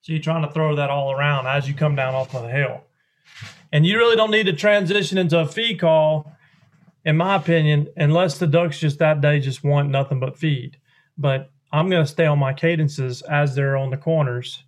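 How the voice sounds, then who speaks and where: A man with a drawl talks through technique in a loose, folksy, roundabout way. His voice sits a touch high for a man. It sounds like a relaxed podcast interview. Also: moderate pace. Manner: folksy, rambling, hands-on explainer. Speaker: duck call maker, guest.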